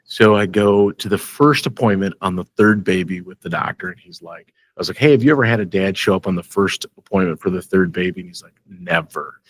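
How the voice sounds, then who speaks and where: A man from Michigan hosting a casual school podcast, telling animated stories and laughing often. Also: deep voice, fast, few pauses, no room sound. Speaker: school superintendent and podcast host.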